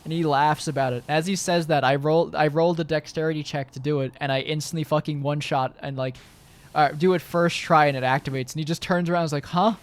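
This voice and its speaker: A man's voice: on the high side, steady tone, fast talker. A young man streaming, chatting casually to his viewers in a rambling way, full of fillers and swearing.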